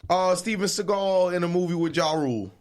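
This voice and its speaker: A man's voice: high-pitched, brisk. A man co-hosting a podcast in casual chat, arguing his points emphatically. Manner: argumentative, emphatic. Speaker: podcast co-host.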